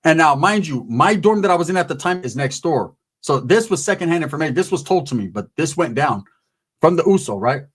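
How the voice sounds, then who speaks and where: A man with a slightly raised pitch spins a long, rambling story in loose street talk, heavy with swearing. He keeps turning to the listener and slips into the voices of the people he is describing. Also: expressive, brisk, breathy edge. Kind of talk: casual profane storytelling.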